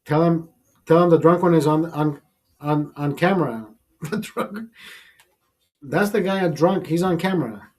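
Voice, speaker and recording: A studio live stream host, a man with a slightly high voice at normal speed, rambles through a profane story in casual conversation, laughing a lot and saying things over again.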